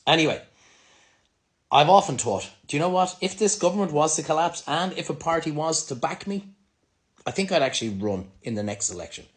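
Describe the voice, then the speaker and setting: Irish male restaurant owner, vlogger, blunt and sweary, fairly high, very animated pitch. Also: brisk. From Ireland. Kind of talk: ranting vlog monologue to camera.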